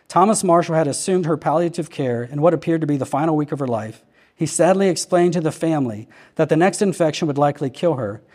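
A man reading a healing account aloud in an earnest, steady narration, with occasional slips and restarts. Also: fairly high pitch. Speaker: reader of a testimony.

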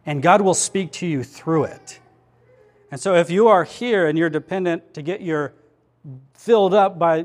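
A pastor with a voice on the high side and a darkish tone preaches to his church. He is earnest and conversational, putting many questions to his listeners.

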